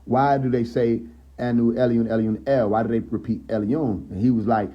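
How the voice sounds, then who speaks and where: A man hosting a casual live stream who teaches from scripture and keeps checking in with his listeners, slowing down and lifting his voice when he reads verses aloud. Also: medium pitch, dull audio. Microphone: phone.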